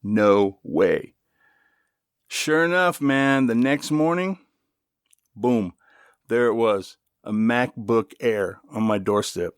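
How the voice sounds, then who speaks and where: A middle-aged man rambles through a story on his own podcast, easygoing and a little profane, with plenty of asides. His voice sits at an ordinary pitch and is recorded dry and close, with almost no room sound. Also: slow pace, clear, resonant tone, no echo. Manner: loose and chatty, with swearing and asides. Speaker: podcast host. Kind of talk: casual storytelling monologue.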